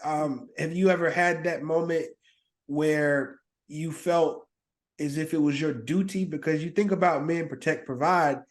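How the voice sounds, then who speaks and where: Male podcast host, higher-pitched, probing, repeats himself. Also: unhurried. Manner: probing, backchannels often, repeats words. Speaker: host, therapist. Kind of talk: podcast interview.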